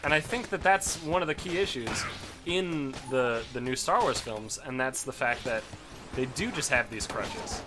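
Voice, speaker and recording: A man's voice: mid-range voice, animated, moderate pace, music in the background. Ranting, swearing young man gamer. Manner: ranting, profane, self-interrupting. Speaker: let's play host. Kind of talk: casual gaming commentary.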